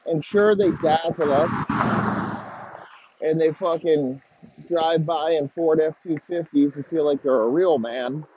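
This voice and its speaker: A man's voice: fairly high pitch, a little slow, highs cut off, slight background noise. A man hosting a podcast, ranting profanely and rambling in heated complaint. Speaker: podcast host. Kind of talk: profane casual rant.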